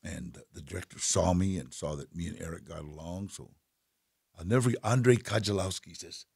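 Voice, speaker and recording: A man's voice: deep voice, fairly quick, gravelly, a little mellow, slightly rough, dry recording, studio quality. A man being interviewed as a guest, telling stories casually, rambling with many restarts and frequent laughs. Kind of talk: casual storytelling.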